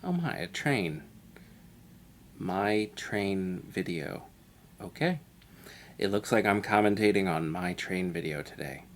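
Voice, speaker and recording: A man's voice: low voice, lively intonation, slow, long pauses, a little hiss or hum. A man giving a parody audio commentary over a video, pompous, self-satisfied and absurd. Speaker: mock film commentator.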